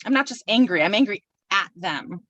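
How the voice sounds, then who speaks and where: A woman's voice: mid-range voice, animated, moderate pace, fairly bright tone, dry recording, recorded from a distance, rough recording. A woman delivering a sermon from a pulpit, reflective and personal, speaking her feelings aloud as she works through them. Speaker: minister.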